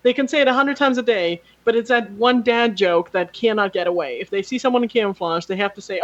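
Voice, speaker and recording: A woman's voice: mid-range voice, fairly quick, few pauses. A woman teasing and joking as a guest on a casual podcast. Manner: teasing, laughs often. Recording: slightly dull sound.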